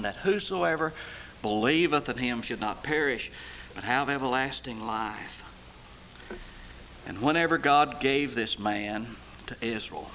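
A man preaching a sermon, rising to loud, high, stretched-out lines and then falling back low and quiet. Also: a little hiss or hum, low-quality recording.

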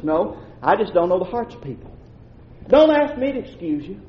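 A male pastor, preaching a sermon that swings from shouting to low asides. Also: expressive, normal speed. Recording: roomy, dull lo-fi church recording.

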